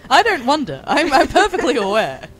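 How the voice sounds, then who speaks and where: A woman's voice: high-pitched, huge pitch swings, a little fast. A woman co-hosting a let's play, chatting casually, teasing and joking with friends. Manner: teasing, joking, laughs often. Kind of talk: casual gaming chat. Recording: noisy home recording.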